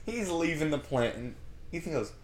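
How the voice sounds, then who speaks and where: A man, co-hosting a podcast, telling a work story in a casual, animated way and laughing through it. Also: fairly high pitch, moderate pace. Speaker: podcast co-host. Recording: roomy echo.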